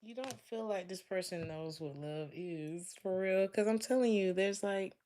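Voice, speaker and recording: A woman's voice: mid-range voice, measured pace, warm tone. A woman giving a casual tarot reading to her viewers, chatty and laughing often, talking straight to her listeners. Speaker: tarot reader.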